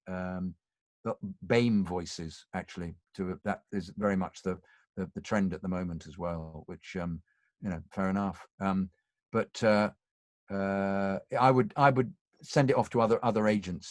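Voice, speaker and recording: A middle-aged man with a fairly low voice answers questions on a video call. He talks haltingly, full of fillers and restarts. The sound is dry and close, with no room around it. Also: no echo. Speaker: guest voice actor. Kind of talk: casual Q&A chat.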